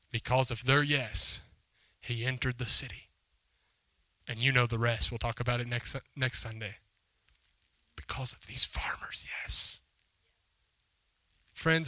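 A man preaching to a congregation, retelling a story and voicing its lines with conversational emphasis. His voice is strikingly bright and forceful. The sound is close and dry, with little room echo. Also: medium pitch, moderate pace. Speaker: pastor. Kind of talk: sermon. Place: church hall before a congregation.

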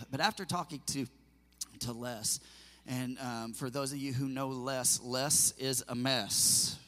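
A male pastor delivers a sermon in a church sanctuary, speaking earnestly and with feeling. He often stumbles, repeats words and restarts his sentences. His voice sits at a middle pitch and carries a long, echoing reverb from the hall. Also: takes it slowly, sharp tone.

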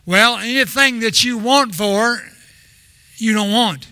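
A man's voice: high voice, slow pace, sharp tone, no room sound. An older man preaching a sermon in a rambling, storytelling way, often restarting his sentences.

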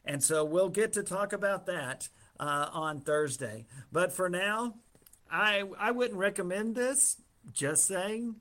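Bible teacher guy, chatty storytelling, slightly high voice. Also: slow pace, fairly bright tone. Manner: storytelling, conversational, with asides.

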